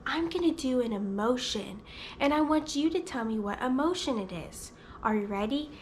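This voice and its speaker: A woman's voice: a little high, lively intonation, normal speed, slight background noise. A woman who hosts videos as a speech therapist, teaching toddlers in an exaggerated sing-song voice with lots of gasps.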